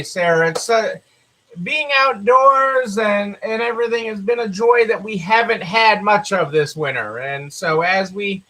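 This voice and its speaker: High bright-voiced rambling male host. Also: poor audio. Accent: Southern American. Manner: rambling, repeats phrases, many fillers. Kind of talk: casual live-stream chat.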